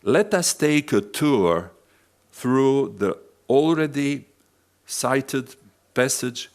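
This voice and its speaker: A man with a Bosnian accent, a philosophy lecturer reading a prepared academic talk in a measured, deliberate way with pauses and occasional self-corrections. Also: mid-range voice, expressive, clear, resonant tone. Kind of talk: academic lecture read from a text.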